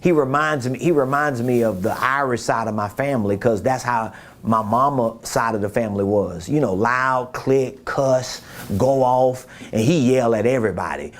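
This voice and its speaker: A man's voice: medium pitch, normal speed. A man giving a business coaching talk, emphatic and repeating his key points, who acts out quotes in different voices.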